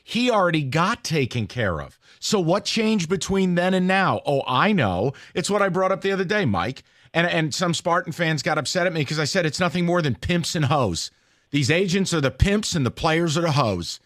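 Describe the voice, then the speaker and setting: A man's voice: a little high, big pitch swings, normal speed, a bit bright, no room sound, studio quality. A man hosting a sports talk radio show, ranting heatedly and taking calls.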